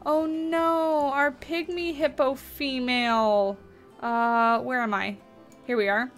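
A woman with a fairly high voice talks through her zoo-building gameplay in a loose, chatty way. She reacts out loud to each surprise in the game. Soft music plays faintly underneath. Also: steady tone, slow pace. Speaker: let's play host. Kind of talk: casual gameplay commentary.

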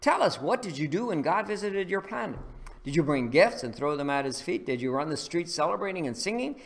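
A man putting on friendly alien visitors in a spoken story, eager and curious, firing off pleading questions in a gravelly voice. Rising excitement comes through in every question. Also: medium pitch, fairly quick, close to an everyday voice. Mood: excited.

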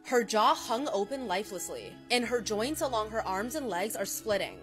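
A woman narrating a short horror story in a steady, dramatic way, slowing down for the ominous lines. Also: on the high side. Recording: narration over loud music.

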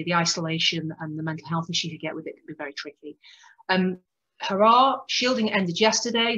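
A woman's voice: fairly low pitch, a bit bright, breathy edge, lo-fi sound. A woman doctor gives a conversational talk to patients, stopping and restarting phrases as she goes. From United Kingdom. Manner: conversational with many restarts and fillers. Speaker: respiratory doctor giving a conference talk. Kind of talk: presentation to patients.

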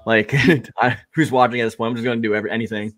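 A man's voice: medium pitch, fairly even intonation, fast, fairly bright tone. A man hosting a live stream, chatting casually and rambling with lots of fillers. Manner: rambling, filler-heavy "like" talk. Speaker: streamer host.

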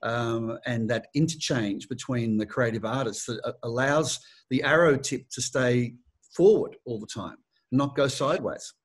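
A man interviewing a fellow director, asking thoughtful, measured questions and reflecting on his own directing. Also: medium pitch.

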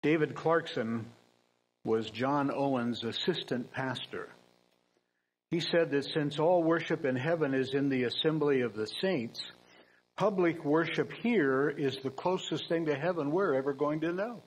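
A man preaching a sermon in a church, earnest and emphatic, with dry humorous asides and frequent throat-clearing. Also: a little high, unhurried, low-quality recording.

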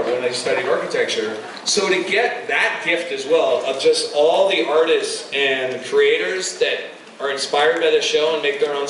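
A man speaking as a guest on a convention panel, effusive and animated, often restarting his sentences. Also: a little high. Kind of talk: casual panel talk. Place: large convention hall. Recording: echoey hall, far-off mic, crowd noise.

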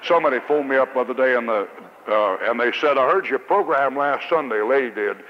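A man preaching a sermon in a church, folksy and joking, swinging between soft and loud. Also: mid-range voice, fast. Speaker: pastor. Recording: muffled old church recording with long reverb.

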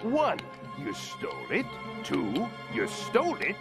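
A man voicing a suspicious, high, gravelly character in a game who keeps accusing the player of theft. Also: wildly swooping pitch, takes it slowly, over music, heavily acted. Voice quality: gravelly, squeaky.

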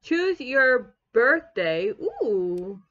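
A woman's voice: fairly high pitch, big pitch swings, drawn-out words, a bit bright, dull audio. A woman giving bubbly, giggly, chatty commentary while playing a video game. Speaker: gaming YouTuber. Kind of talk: casual let's-play commentary.

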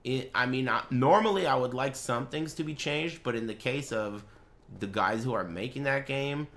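A young man live-streaming a game, chatting to viewers and swearing as he mock-rants and bursts into yelling at them. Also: mid-range voice, normal speed. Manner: profane, mock-ranting at chat, erupts into yelling. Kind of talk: live gaming stream commentary.

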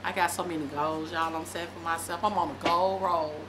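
A middle-aged woman vlogging, chatting casually and reading aloud from a book, with animated, loose storytelling. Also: lowish voice, a little fast, very noisy.

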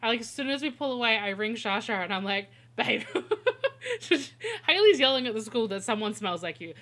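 Streaming a video game, a woman chats casually with viewers, telling stories and laughing often. Her voice is a little high and fairly bright, with big pitch swings at a normal speed.

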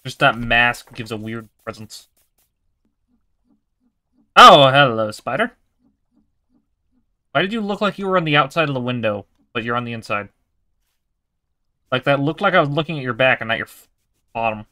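Bright-voiced man narrating his gameplay. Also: mid-range voice, lively intonation, brisk, no room sound, clean studio sound. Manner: chatty, swears casually, talks to himself. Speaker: gaming video creator. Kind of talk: let's-play commentary.

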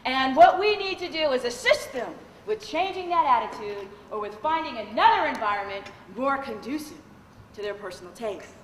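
A woman, a lawyer and corporate trainer, giving a lively live training talk and questioning the audience. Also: high voice, normal speed, a little hiss or hum. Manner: animated, engages the audience with questions. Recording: echoey hall with long reverb.

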